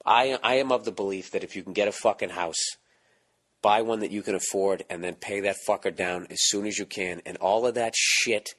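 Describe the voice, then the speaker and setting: A man in his forties with a Boston accent, hosting a podcast, ranting casually with lots of profanity; his voice is hoarse from screaming. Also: lowish voice, a little fast. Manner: profane, animated ranting with mocking asides. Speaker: podcast host.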